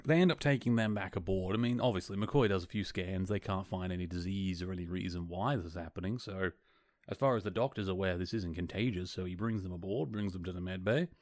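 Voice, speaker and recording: A man's voice: sits low, fast, no echo, studio quality. A man hosting a podcast, casually retelling a TV episode and slipping into quoted lines from the characters. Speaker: podcast host.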